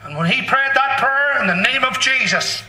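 A man preaches with fervent, blunt, folksy conviction and breaks into shouts. His voice sits very high and sounds sharp and bright. He is caught from a distance in a roomy, echoing hall. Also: animated, normal speed, slight background noise. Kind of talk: sermon. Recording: echoey hall, distant mic.

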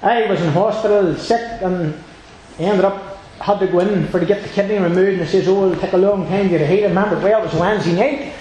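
A man's voice: high voice, fast talker, warm tone, dull audio, a little hiss or hum. A man giving an earnest, rambling personal testimony at a church meeting, circling back to the same phrases. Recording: very echoey room.

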